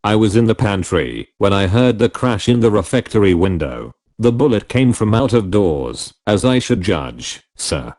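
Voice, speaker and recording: Solemn manservant, slight Irish accent, smooth and deferential, read by a man. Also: fairly low pitch, animated, darkish tone. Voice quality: smooth, liquid tones. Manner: formal, measured, says sir often.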